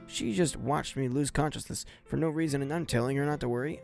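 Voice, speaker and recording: Streamer guy reading a visual novel, kinda gravelly, music low in the back. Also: a little fast, few pauses.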